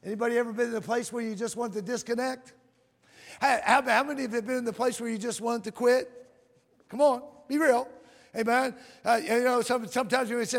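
A male preacher with a strikingly high, gravelly voice delivers a fervent sermon, stretching scripture lines out slowly and calling out to his congregation. the sound carries a long reverb from a church sanctuary. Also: fairly even intonation. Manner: fervent, calls to the congregation, reads scripture in slow drawn-out cadence. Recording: long reverb of a large hall.

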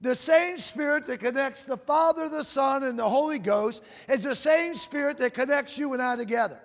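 A man preaching a sermon, calling out to the congregation and reading scripture in a slow, drawn-out cadence. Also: very high-pitched, vocal fry. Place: church sanctuary. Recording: long reverb of a large hall.

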